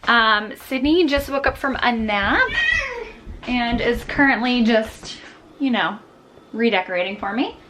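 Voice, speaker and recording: A woman filming a casual daily vlog at home, chatting to the camera and gently to her toddler. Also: fairly high pitch, a little slow. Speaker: mom vlogger. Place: family home, indoors. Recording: noisy home camera recording.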